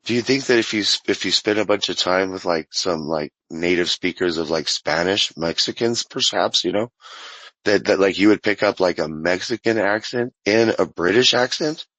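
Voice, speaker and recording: Low-voiced guy, jokey and rambling, close dry mic. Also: moderate pace, fairly bright tone, no room sound, poor audio. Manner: jokey, rambling, puts on silly accents. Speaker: roundtable participant. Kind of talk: casual chat.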